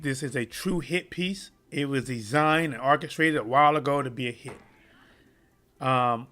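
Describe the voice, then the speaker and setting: Man, live sports stream host, impassioned, talking to viewers, forceful tone, faint music. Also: a little high. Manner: impassioned, talks straight to viewers. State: choking up. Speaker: sports commentary channel host. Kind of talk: casual live-stream commentary.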